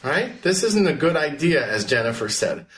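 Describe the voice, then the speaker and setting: A man's voice: a little high, sing-song, moderate pace, a bit bright. A man teaching a class, asking questions and calling on students by name. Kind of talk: classroom history lesson.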